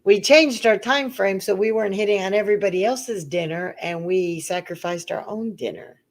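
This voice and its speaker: A woman's voice: mid-range voice, moderate pace. A woman co-hosting a casual live-streamed panel chat, teasing and laughing often as she acts out other people's lines. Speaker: livestream panel co-host.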